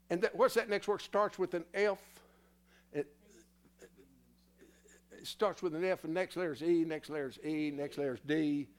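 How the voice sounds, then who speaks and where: A man's voice: sits high, moderate pace, long pauses. A man preaching a sermon in a church in a folksy, teasing way, somewhat out of breath. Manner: folksy, teasing the congregation, spells words letter by letter.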